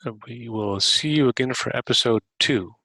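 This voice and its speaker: A man hosting a podcast, gently guiding a breathing meditation with unhurried questions to the listener. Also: medium pitch, gravelly, no room sound, poor audio. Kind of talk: guided meditation.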